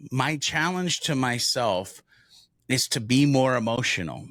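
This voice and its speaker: Middle-aged male podcast co-host, earnest and reflective, unhurried delivery, crisp dry close-mic sound. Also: fairly low pitch, bright, forceful tone, dry recording. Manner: earnest, reflective, builds to emphatic thanks. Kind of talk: casual conversational podcast. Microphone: video podcast camera with close mic.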